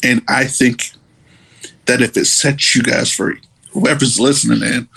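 A man hosting a podcast, speaking in an earnest, halting and emotional way. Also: mid-range voice, fairly even intonation, creaky, bright, forceful tone, husky. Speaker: podcast host. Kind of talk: emotional personal monologue.

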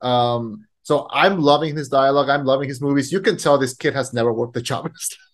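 A man co-hosting a casual film-review podcast, rambling and joking with halting restarts. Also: mid-range voice. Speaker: podcast co-host.

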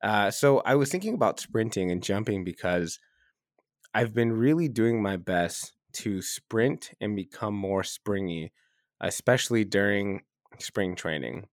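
A man in his thirties hosting a casual podcast from a hotel room, chatty and loose, laughing at himself and clearing a slightly stuffy throat. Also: lowish voice, expressive, unhurried, no echo, clean studio sound. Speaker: podcast host. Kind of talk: casual rambling podcast monologue.

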